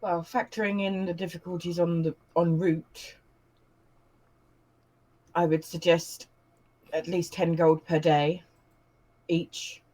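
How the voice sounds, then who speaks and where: A woman with a lowish voice plays her character at a tabletop game. She talks in a businesslike manner and haggles steadily. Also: flat delivery, slow pace, long pauses, warm tone. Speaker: player.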